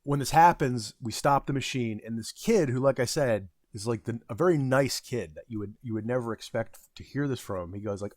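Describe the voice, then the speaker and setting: Speaking briskly in a mid-range voice, a male vlogger in his 30s wanders through a casual, self-mocking tale about working retail, stumbling over fillers and restarts. The sound is clean studio quality with no echo.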